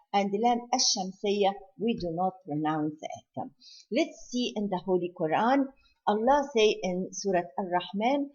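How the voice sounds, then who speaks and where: Patient woman teacher, husky and muffled. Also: medium pitch, darkish tone. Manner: patient, repeats each point. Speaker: Quran recitation teacher. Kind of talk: slow explanatory lesson. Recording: dull lo-fi home recording.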